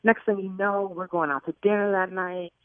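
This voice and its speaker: A woman's voice: medium pitch, moderate pace, no echo. Chatty woman caller over a tinny phone. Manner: chatty, animated storytelling. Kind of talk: telling a personal story on a call-in show.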